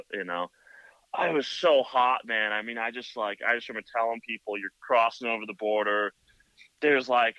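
A motorcycle builder telling a long story in casual chat, full of "like" and "you know.". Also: male voice, medium pitch, sharp tone, dry recording. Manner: rambling, filler-heavy with many "like" and "you know". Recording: dull lo-fi, dry sound.

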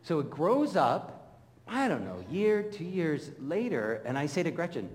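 A man's voice: a little high, measured pace. A middle-aged man preaching a sermon, telling stories and acting out the voices of people he quotes. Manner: storytelling, animated, acts out quoted voices. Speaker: pastor. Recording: long hall reverb.

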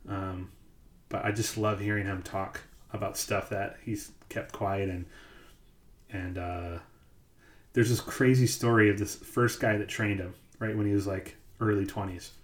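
In a reverberant space, a man co-hosting a podcast speaks in a steady, low-ish tone at a measured pace. He rambles through stories in relaxed conversation, scattering ums and likes throughout.

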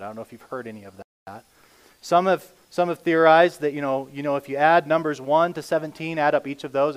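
A man preaching a conversational sermon, reading scripture aloud and swinging between emphatic and hushed delivery. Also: mid-range voice. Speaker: pastor.

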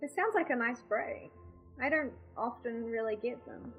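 A woman's voice: fairly high pitch, lively intonation, normal speed, narrow, tinny audio, faint music behind. A young woman with a New Zealand accent chatting casually on a podcast, rambling with lots of fillers and poking fun at herself. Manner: rambling, many fillers, self-deprecating. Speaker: podcast co-host. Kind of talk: casual chat.

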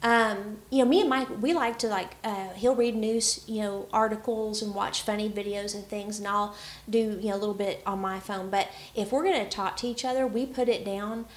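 A woman's voice: mid-range voice, fairly even intonation, normal speed, echoey room. A woman telling stories in a casual chat about relationships, laughing often as she talks. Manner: chatty storyteller, laughs often.

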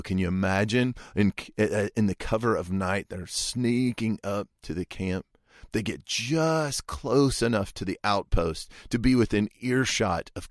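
Low-voiced man preaching a story. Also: no echo, clean studio sound. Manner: folksy, imagines aloud, asks listeners rhetorical questions. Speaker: pastor. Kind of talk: conversational sermon storytelling.

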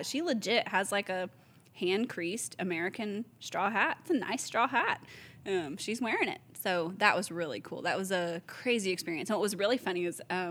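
Animated woman telling stories. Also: mid-range voice. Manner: animated storyteller, acts out quoted voices, laughs often. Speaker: store owner telling stories. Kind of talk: casual chat.

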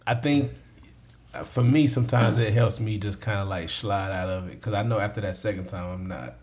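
A man chatting on a podcast in relaxed, slangy talk, often trailing off. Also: on the low side, brisk. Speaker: podcast guest. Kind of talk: casual podcast chat.

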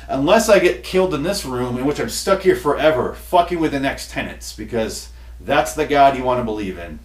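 A man hosting a comedy podcast, ranting in an exasperated, profane way, with his voice going hoarse. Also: mid-range voice, expressive, brisk. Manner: exasperated, profane, building to shouty outbursts. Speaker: podcast host. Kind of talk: comedic rant. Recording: roomy echo, distant mic.

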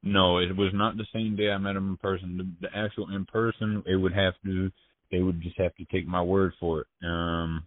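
Low-voiced man on a tinny phone line. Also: level tone, dry recording. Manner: profane, halting, slangy, with frequent restarts. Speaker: interviewee. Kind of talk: casual storytelling.

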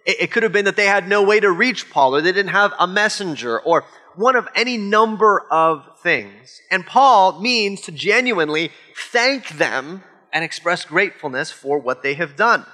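Bright-voiced pastor in a reverberant hall. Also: male voice, high voice, lively intonation, normal speed, hardly any pauses. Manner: conversational, joking asides. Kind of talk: sermon.

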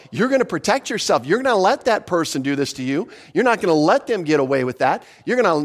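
A male pastor preaching a sermon in a conversational way, asking his listeners questions and slowing down to stress scripture. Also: fairly high pitch. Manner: slows for emphasis on scripture.

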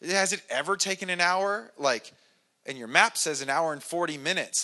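A pastor with a fairly high, sharp-toned voice preaches a casual, conversational sermon to his congregation at a normal pace. He comes from an Irish family background and is self-deprecating, often restarting sentences and acting out quotes.

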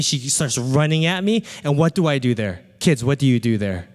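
A man's voice: a little high, fairly quick. A man preaching a sermon, telling a childhood story with acted-out voices and often asking the crowd "right?". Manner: animated, acts out voices, asks the crowd "right?". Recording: echoey hall.

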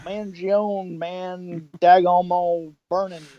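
A podcaster imitating a drawling cartoon man who mumbles his words together in a fast ramble, on a dull lo-fi recording. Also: medium pitch, flat delivery. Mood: frantic mumble. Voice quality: slurred, run-together words.

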